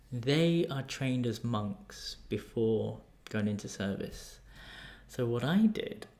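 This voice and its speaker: A man with an English accent, a life coach telling a personal story in a casual, animated way. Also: medium pitch. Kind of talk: storytelling vlog.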